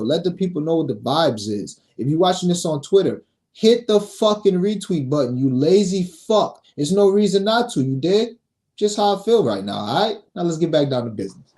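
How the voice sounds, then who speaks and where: A man's voice: sits high, darkish tone. A man hosting a sports betting show, reading picks in a brash, profane, casual way and scolding his viewers.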